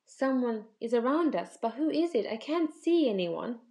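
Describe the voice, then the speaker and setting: A woman voicing a young girl who is easily frightened, speaking in a high, shrill, fretful way. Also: big pitch swings, normal speed, darkish tone. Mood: anxious. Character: young girl Lisa, jumpy and easily scared.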